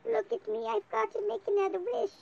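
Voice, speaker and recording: A performer voicing a lovesick little creature who wishes to become human, in a high whiny put-on voice. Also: flat delivery, fairly quick, creaky, warm tone, dull audio, exaggerated voice. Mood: sad. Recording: noisy home video recording.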